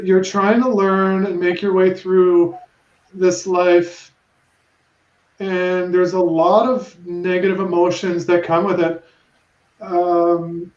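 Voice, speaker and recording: A woman in her thirties speaking on a panel about her own experience. She talks in a halting, emotional way with many restarts. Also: fairly low pitch, a little mellow. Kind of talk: personal testimony on a panel. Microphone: video call. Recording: roomy dull-sounding video call.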